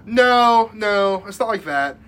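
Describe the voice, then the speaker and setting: A man's voice: sits high, animated, takes it slowly, a bit bright, a little hiss or hum. A young man telling a rambling story in casual podcast chat, full of likes and restarts and laughing as he goes. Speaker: podcast guest.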